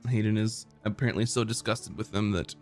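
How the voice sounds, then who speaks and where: A man's voice: lowish voice, fairly even intonation, a little fast, darkish tone. Guy running a d&d game, chill and chatty, laughs a lot, faint music behind. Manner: casual, laughing, lots of fillers. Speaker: game master. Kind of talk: narrating a tabletop game.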